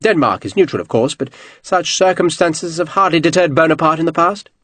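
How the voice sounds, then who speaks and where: A man voicing a smooth, ingratiating young officer who speaks carefully and fulsomely. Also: fairly high pitch, fairly quick, fairly bright tone, dry recording, voice pushed up.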